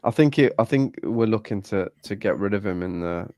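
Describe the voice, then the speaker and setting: A man's voice: on the low side, expressive, fairly quick, a little mellow, dry recording, clean studio sound. Casual man talking football. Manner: swears freely, trails off and restarts. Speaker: podcast co-host.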